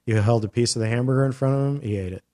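This middle-aged podcast host talks fast with a medium-pitched, warm voice. He rambles through a long story in casual conversation, full of fillers and offhand swearing.

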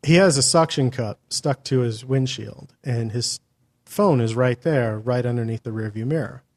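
Profane, animated man telling a story. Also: mid-range voice, moderate pace. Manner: profane, animated, exasperated retelling. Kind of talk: casual podcast storytelling.

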